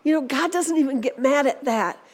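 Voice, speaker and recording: A woman's voice: high-pitched, brisk. A woman preacher giving a sermon in a church, speaking earnestly and urging her listeners on. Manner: earnest, exhorting.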